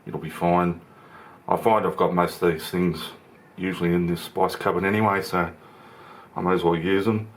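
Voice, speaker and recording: A man with a very deep, low voice gives a casual cooking demonstration in his home kitchen. He chats easily and talks through each step as he works. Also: level tone, moderate pace. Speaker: home cooking channel host.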